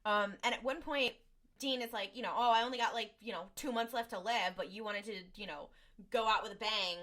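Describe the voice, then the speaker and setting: A woman's voice: a little high, fairly quick, a bit bright. A woman co-hosting a podcast, casually retelling an episode with lots of filler words and acted-out lines. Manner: rambling, lots of "like" and "um", acts out lines. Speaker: podcast co-host. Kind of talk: casual recap chat.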